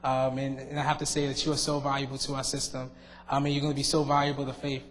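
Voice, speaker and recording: A young man, the outgoing student board member, gives a halting farewell speech at a board meeting, full of fillers and restarts. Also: medium pitch, monotone, slight background noise. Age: young adult. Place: school board meeting room. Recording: long reverb in a meeting hall.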